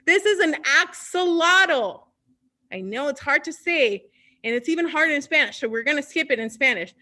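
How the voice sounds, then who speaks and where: A woman's voice: high voice, animated, moderate pace, pushed and bright. A woman hosting an online children's storytime, cheerfully singing songs and mixing in Spanish words. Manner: cheerful, sings along, mixes in Spanish words. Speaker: library storytime host.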